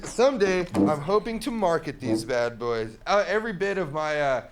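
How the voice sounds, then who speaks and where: A man's voice: on the high side, big pitch swings, moderate pace, noisy background. A man, a musician and painter, telling rambling stories in a casual interview, heavy on slang and laughter. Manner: rambling, laid-back, lots of slang and laughter.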